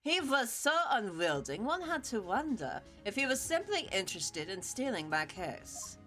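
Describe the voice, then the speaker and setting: A woman's voice: mid-range voice, big pitch swings, normal speed, fairly bright tone, soft background music. A woman voicing a proud young female prosecutor with a mock German accent, clipped and haughty.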